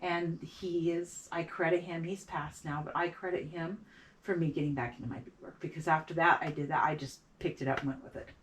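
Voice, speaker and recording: A middle-aged woman, a beadwork artist, telling her story in a casual interview, halting and repeating words as she acts out what others said. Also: low-pitched, fairly even intonation. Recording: voice a bit far from the mic.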